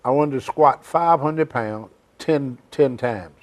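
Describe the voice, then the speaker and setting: A man's voice: mid-range voice, slow pace. Older man telling rambling folksy stories. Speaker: host. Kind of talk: casual storytelling chat.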